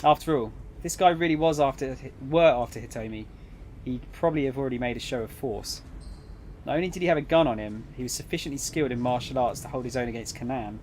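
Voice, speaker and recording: Casual streamer reading a game aloud. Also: male voice, medium pitch, fast, darkish tone, slight background noise. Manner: casual, jokey asides between narration.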